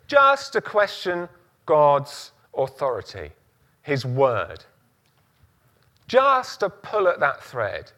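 A man's voice: fairly high pitch, pushed and bright. A man preaching a sermon, using emphatic repetition and rhetorical questions.

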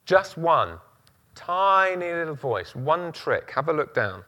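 A man's voice: fairly high pitch, very animated, takes it slowly, bright, forceful tone. A man preaching a sermon, using emphatic repetition and rhetorical questions.

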